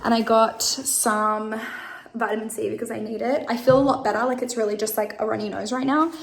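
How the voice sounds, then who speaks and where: A woman's voice: fairly high pitch, flat delivery, fairly quick, vocal fry, a little hiss or hum. A young Australian woman vlogging casually on her phone, chatty and bubbly, a bit stuffy with a runny nose. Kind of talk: casual travel vlog. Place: outdoors at night, walking home.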